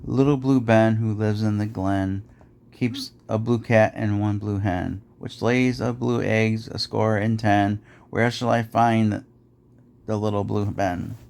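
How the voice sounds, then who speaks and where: A man's voice: on the low side, steady tone, measured pace, creaky, darkish tone. A man reading nursery rhymes aloud in a rhythmic, sing-song way, as host of a podcast.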